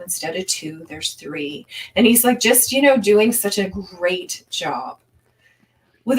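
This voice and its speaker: Middle-aged woman telling a lively story. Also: lowish voice, recorded from a distance, rough recording. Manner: animated storyteller. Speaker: co-host. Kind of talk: casual panel chat.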